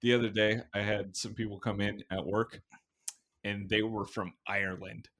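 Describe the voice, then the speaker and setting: A young man hosting a podcast, telling crude stories in casual, animated chat and swearing often. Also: fairly low pitch, normal speed. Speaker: podcast host.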